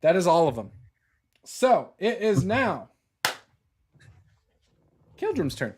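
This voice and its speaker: Man, game master, fairly high pitch, vivid cinematic narration, chatty. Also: very animated, takes it slowly, a little mellow, a little hiss or hum.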